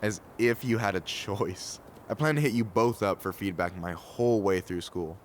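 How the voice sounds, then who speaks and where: A wry, loyal young man in a story game , voiced by an actor, with a low, deep voice. He talks bluntly and teases his friends in an easygoing way. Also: normal speed, slight background noise, close to an everyday voice. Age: young adult. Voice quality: casual, blunt and teasing. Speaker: game character. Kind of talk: video game voice acting.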